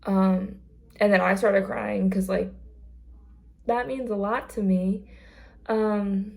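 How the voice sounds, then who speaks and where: A woman's voice: medium pitch, fairly even intonation, measured pace, creaky, a little mellow. A young woman chatting casually in a vlog about her work as a theme park greeter, earnest and full of fillers. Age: young adult.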